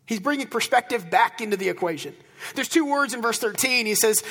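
Male pastor, high husky voice, conversational sermon, long hall reverb. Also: fairly quick. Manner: animated, conversational preaching with asides. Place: church auditorium.

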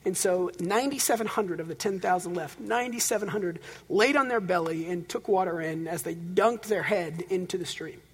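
Guy preaching, kinda high voice, bit husky, big hall echo, gets loud then goes quiet. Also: normal speed, few pauses. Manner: animated storytelling, swings from loud to hushed. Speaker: pastor. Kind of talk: sermon. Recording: long reverb of a large hall.

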